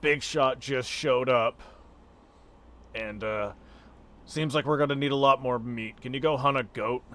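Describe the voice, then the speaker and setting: A man's voice: mid-range voice, measured pace, pauses often, sharp tone. Man doing a blunt half-orc butcher. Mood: bargaining.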